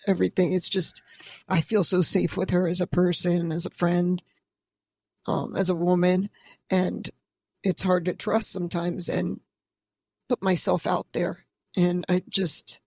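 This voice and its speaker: A woman's voice: on the low side, a little mellow, no room sound. A middle-aged woman co-hosting a podcast, talking openly and with emotion, close to tears. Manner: open, vulnerable and tearful. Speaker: podcast co-host. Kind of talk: emotional casual conversation.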